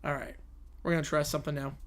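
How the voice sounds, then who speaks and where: A man's voice: on the high side, fast talker, smooth. Playful streamer man narrating a story. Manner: animated, playful, laughing asides. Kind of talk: live-stream reading and reacting to a story.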